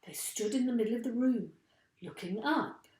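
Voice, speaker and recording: A woman teacher reading a children's storybook aloud with expressive, deliberate delivery. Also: a little high. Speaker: primary school teacher. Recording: roomy echo.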